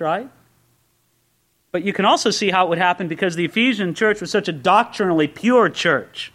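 A man preaching a sermon in a conversational way, full of rhetorical questions, swinging between excited raised asides and low, quiet emphasis. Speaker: pastor.

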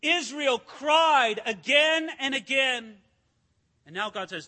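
A male pastor preaching a sermon, swinging from hushed to emphatic as he reads and expounds scripture. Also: extremely high pitch, lively intonation, slow pace. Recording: long reverb of a large hall.

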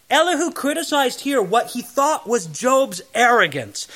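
A man giving verse-by-verse Bible teaching with a high, bright voice. He talks conversationally, reading each passage aloud and then explaining it plainly. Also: expressive, normal speed, hardly any pauses.

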